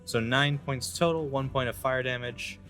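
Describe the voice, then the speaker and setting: A man playing a tabletop game, talking slowly and laughing often. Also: mid-range voice, fairly even intonation, a bit bright, soft background music. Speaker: player.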